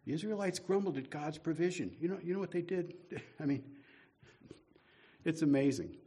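A man's voice: fairly high pitch, expressive, normal speed, mellow. A man in the middle of a sermon, talking to his church plainly and conversationally. He asks the congregation rhetorical questions and pokes fun at himself as he goes. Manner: conversational, self-deprecating humor, rhetorical questions. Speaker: guest preacher.

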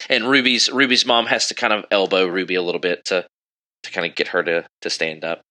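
Bright-voiced man narrating as game master. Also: deep voice, fairly even intonation, a little fast, poor audio. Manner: rambling descriptions with many fillers.

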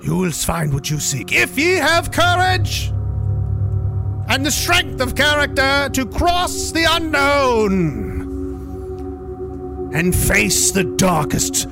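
A man voicing an ominous storybook narrator in a put-on old-fashioned accent, slow and dramatic. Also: extremely high pitch, sing-song, gravelly, music in the background, voice pushed up, heavily acted. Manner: slow, dramatic, portentous delivery.

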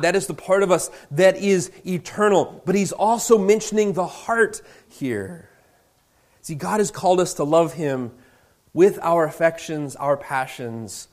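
Preaching man, slow dramatic emphasis. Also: on the high side. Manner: expressive preaching, slows for emphasis, drops to a hush on key words; conversational asides with restarts. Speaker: pastor. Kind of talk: sermon.

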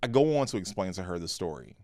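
A man with a low voice shares a heartfelt personal story in a casual podcast conversation. He talks in an earnest, animated way, often restarting his phrases. The sound is dry and close. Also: fast talker, no echo. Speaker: pastor and podcast co-host.

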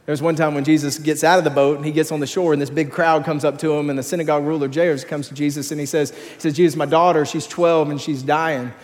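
A man preaching in a church sanctuary, his slightly raised voice trailing off into a long hall reverb. He tells his stories with animated energy and often repeats words as he builds toward each peak. It has the sound of a live sermon from the pulpit. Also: quick pace, hardly any pauses. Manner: animated storytelling, rising in pitch and volume at climaxes, repeats words. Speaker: pastor.

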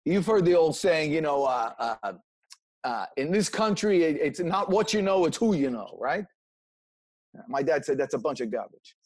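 A man talks as an interview guest, pushing motivational advice with a preachy energy. His voice sits high and swings widely in pitch. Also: sing-song, normal speed, darkish tone. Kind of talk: casual interview talk.

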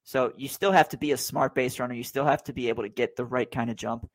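A man's voice: medium pitch, fairly even intonation, fast talker, no echo. A man hosting a casual sports podcast, talking in an easygoing way as he wraps up the show. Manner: easygoing, brings the show to a close. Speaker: podcast host.

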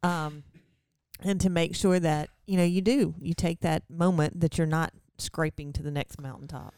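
A woman's voice: deep voice, steady tone, normal speed, a little mellow, smooth, dry recording, clean studio sound. A woman co-hosting with her pastor husband, chatting casually and reflectively. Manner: chatty, reflective, many restarts. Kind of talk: casual chat.

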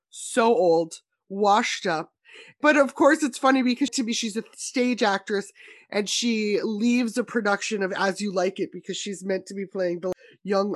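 A woman's voice: medium pitch, dry recording. A woman hosting a podcast, chatting about classic films in an enthusiastic, opinionated way. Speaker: podcast host. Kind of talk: casual film discussion.

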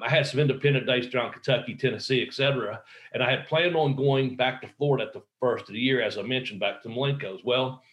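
A man of middling pitch tells a long backstage anecdote from his wrestling days. He talks casually and rambles, with plenty of fillers and restarts. He acts out the voices of the people he quotes. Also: fairly bright tone. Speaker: professional wrestler guest.

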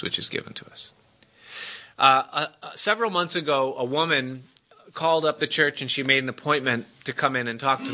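A man's voice: medium pitch, sharp tone. A man preaching a sermon as pastor, emphatic and asking his congregation direct questions.

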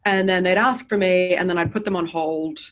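Middle-aged American woman, interview guest, lower voice, candid and wry. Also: brisk. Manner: candid, lively and self-deprecating. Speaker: guest, business founder. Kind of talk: casual interview storytelling. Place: office.

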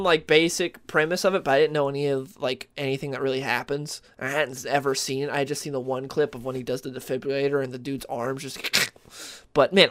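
A man's voice: fairly high pitch, fairly bright tone. A man hosting a podcast in casual chat, rambling with many fillers and restarts. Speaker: podcast host.

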